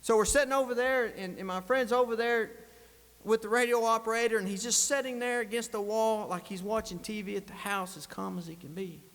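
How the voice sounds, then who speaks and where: A man's voice: high voice, fairly even intonation, a little fast, fairly bright tone. A man, a state legislator giving an earnest, emotional farewell speech in a legislative chamber. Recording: long reverb of a large chamber.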